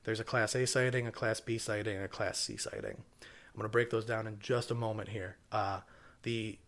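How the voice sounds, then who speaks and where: A man's voice: on the low side, moderate pace. A man from Wisconsin co-hosting a podcast, chatting casually in a loose, rambling way with lots of fillers. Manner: relaxed, rambling with many fillers. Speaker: podcast co-host.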